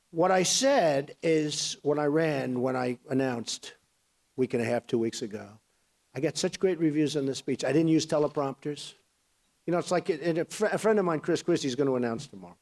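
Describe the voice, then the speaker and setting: A man's voice: a little high, a little mellow. Boastful rambling man giving a campaign speech. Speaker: political candidate.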